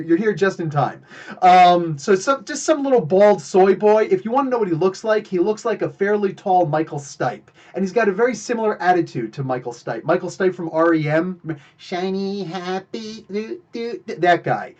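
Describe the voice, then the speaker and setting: A man's voice: sits high, lo-fi sound. A man from New Jersey hosting a live comics podcast, telling stories and greeting chat viewers between them. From New Jersey, USA. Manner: animated, talks to chat viewers between anecdotes. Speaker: podcast host. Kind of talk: live stream chat and storytelling. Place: home streaming setup, living in Canada.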